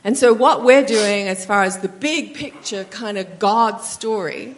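A woman from Australia with an Australian accent, a guest speaker explaining her mission work in a measured, thoughtful way in church. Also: medium pitch. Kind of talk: church interview. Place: church sanctuary.

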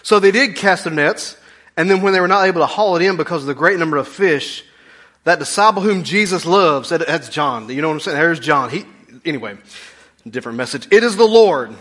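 A pastor preaching a sermon in a folksy, humorous way, swinging between loud bursts and hushed asides. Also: male voice, a little high, brisk.

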